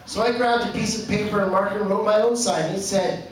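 High-voiced Canadian stand-up comedian in a club. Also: male voice, brisk. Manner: deadpan storytelling with acted quotes. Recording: echoey club, distant mic, audience noise. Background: audience laughter.

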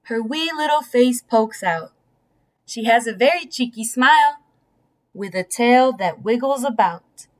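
A woman reading a bedtime story aloud in a gentle, storytelling manner. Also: fairly high pitch, expressive, a little slow. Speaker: storybook reader.

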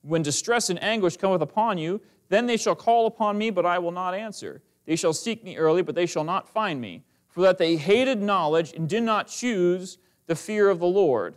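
Fervent preacher man, high voice. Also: moderate pace, clear, resonant tone. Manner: fervent preaching, reads King James verses aloud. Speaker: pastor. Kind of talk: sermon. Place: church sanctuary.

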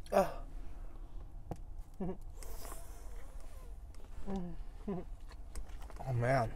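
Slow-talking woman chatting with mouth full. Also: sits low, expressive, a little mellow. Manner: talks with mouth full while chewing; playful, teasing asides to viewers. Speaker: food vlogger. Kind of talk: eating vlog with casual chat.

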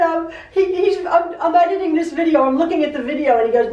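A woman's voice: extremely high pitch, animated, normal speed, a little mellow. A middle-aged woman hosting a quilting channel, chatting in a rambling way that repeats itself, with stammers and restarts, recorded in her home sewing room. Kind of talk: rambling personal chat. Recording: echoey room, mic at a distance.

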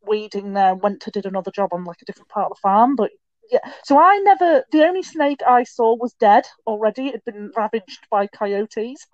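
A young woman telling stories in a casual podcast chat, with quick asides and restarts. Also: fairly high pitch, animated, a little mellow, dry recording, muffled recording. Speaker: podcast guest.

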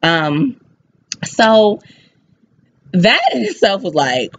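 An excited woman talks through a scripture passage in a casual devotional vlog. She talks in a quick, lively way and her pitch jumps around. The recording is slightly dull, with a faint hiss. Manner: excited, fast-talking, lively. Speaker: faith vlogger.

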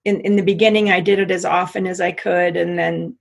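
Interview guest: middle-aged woman, husky and gravelly, halting personal account. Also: on the low side, steady tone. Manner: halting, many restarts and repeats. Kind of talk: personal story in conversation.

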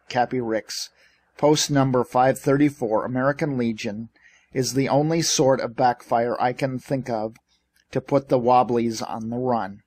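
A man voicing a shrill, feisty old shipping boss in an audiobook, bantering and bossy. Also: a little mellow, no echo, lightly acted. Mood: triumphant. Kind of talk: audiobook character reading.

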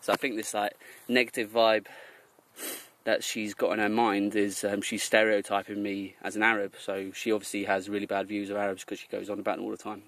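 Exasperated young man from Jersey, lowish voice. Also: completely flat delivery, brisk, fairly bright tone. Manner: exasperated, rambling, mimics others. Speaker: vlogger. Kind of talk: ranting review vlog.

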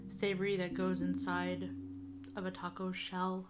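A woman chatting casually to viewers in a food taste-test vlog, expressive and talkative. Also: lowish voice, a little slow, loud music behind the voice. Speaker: food vlogger.

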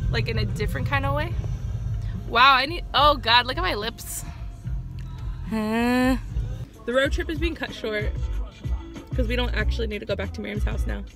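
A woman's voice: a little high, normal speed, pauses often, over music. A young woman chatting casually in a self-deprecating, rambling way while filming a vlog on her phone in a car and at home. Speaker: vlogger.

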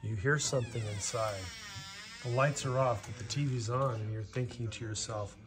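A man hosting his channel, narrating a story in the second person in a steady, plain-spoken way. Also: mid-range voice, normal speed. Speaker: host.

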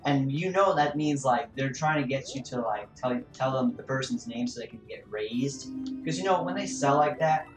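With an animated mid-range voice at normal speed, a streamer casually relays a store story, drifting along with frequent fillers and "man." Game music plays behind him, and the space sounds roomy and echoey.

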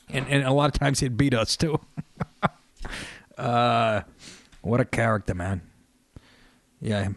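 A man hosting a radio show, telling family stories in a loose, profane, animated comedic monologue. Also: on the low side, no echo. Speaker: radio host.

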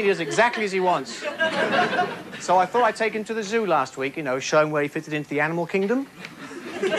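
Stand-up man with a high voice, rambling jokes over a loud, noisy live crowd. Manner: rambling, self-interrupting joke telling. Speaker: stand-up comedian. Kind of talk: stand-up routine. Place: comedy club stage with a live audience. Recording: noisy live club recording.

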